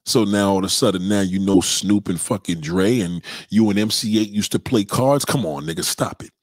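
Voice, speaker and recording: A man, ranting casually and loudly to his stream viewers, swaggering and laughing often. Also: lowish voice, moderate pace, no room sound, studio quality. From New York. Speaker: live-stream host. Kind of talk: casual profane rant to viewers.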